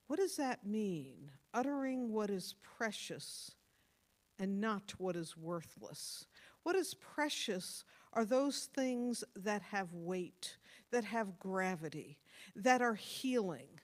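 Slow earnest woman preaching a sermon. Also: mid-range voice, big pitch swings. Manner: earnest, motherly, emphatic with sudden drops to soft tones. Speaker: pastor. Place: church.

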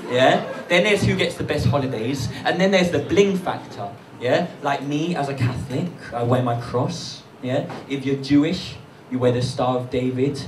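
A man's voice: mid-range voice, far from the mic, background noise. A young man from London performing a brash, cheeky stand-up set on a club stage with a handheld microphone. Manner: cheeky, brash, rapid asides. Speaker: stand-up comedian. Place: comedy club stage in front of a crowd. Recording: echoey club, mic heard from afar, loud crowd. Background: loud audience laughter.

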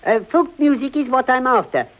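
An actress playing a pedantic, long-winded sociologist professor in a 1940s radio comedy. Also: female voice, high-pitched, animated, fairly quick. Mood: lecturing. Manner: pedantic, lecturing. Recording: dull 1940s radio broadcast.

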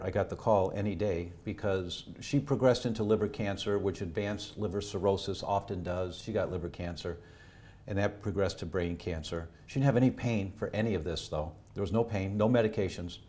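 Earnest storytelling male doctor, low voice. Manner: earnest, swings from animated to hushed when telling family stories. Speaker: doctor and health educator. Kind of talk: emotional personal storytelling in a podcast interview.

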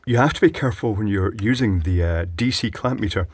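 A man's voice: fairly low pitch, brisk, slight background noise. A man chatting dryly as he repairs electronics at his workbench, thinking aloud as he works. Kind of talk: casual workbench commentary.

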